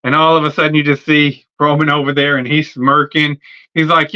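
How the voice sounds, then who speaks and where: A man with a raised, bright, edgy voice riffs casually, swearing and stumbling over fillers as he lays out how he'd book the show. The stream audio sounds dull and lo-fi. It comes across as an unscripted solo rant. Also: a little high, flat delivery, fairly quick. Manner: profane, rambling, filler-heavy. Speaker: wrestling podcast host. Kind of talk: casual fantasy-booking rant. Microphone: streaming setup mic.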